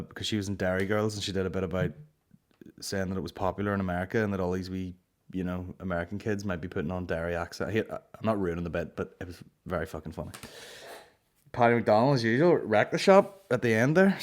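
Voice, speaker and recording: A young man with a Northern Irish accent, hosting a podcast in casual, rambling chat full of swearing and fillers. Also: fairly low pitch. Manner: swears freely, rambling storytelling with frequent fillers. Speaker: podcast host.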